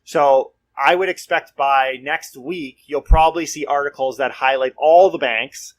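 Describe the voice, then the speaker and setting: A man's voice: mid-range voice, measured pace. A young man, hosting a casual real estate podcast. He talks straight to his listeners and repeats points for emphasis. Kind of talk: casual market commentary.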